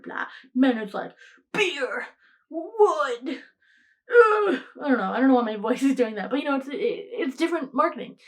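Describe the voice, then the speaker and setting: Young woman, solo podcast host, rambly casual delivery, a bit high-voiced. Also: low-quality recording. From Greek heritage, raised in the United States. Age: young adult. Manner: rambling, frequent "like" and restarts, laughs often.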